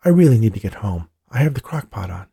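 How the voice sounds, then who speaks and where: A man's voice: fairly low pitch, big pitch swings, quick pace, gravelly, warm tone, breathy edge, no echo, clean studio sound, full character voice. A man voicing an anxious, polite older widow, raising his voice to play her. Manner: fretful, polite.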